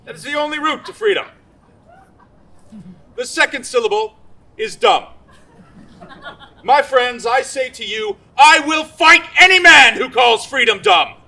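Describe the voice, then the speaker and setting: An actor in a comic stage play playing a blustering, dim-witted politician husband with a pompous, oratorical delivery. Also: male voice, very high voice, lively intonation, normal speed, vocal fry, long pauses, sharp tone, heavily acted, rough recording.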